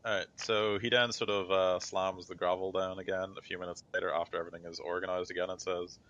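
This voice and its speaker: A man's voice: sits low, level tone, fast, fairly bright tone. A man narrating as game master of a tabletop game, speaking in a loose style with many fillers. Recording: slightly dull lo-fi mic.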